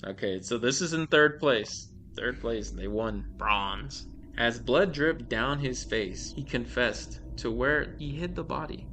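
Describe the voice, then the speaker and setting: Man, podcast host, bright forceful voice, reads horror stories slowly, faint hiss. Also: medium pitch. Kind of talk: casual chat and reading short horror stories.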